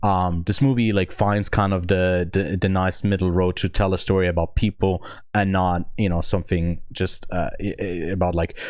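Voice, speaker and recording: Low-voiced man musing through a film review. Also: level tone, normal speed, few pauses, a little mellow, no echo, clean studio sound. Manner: thinks aloud, hesitant with many restarts. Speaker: podcast co-host, film reviewer. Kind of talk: casual film review chat.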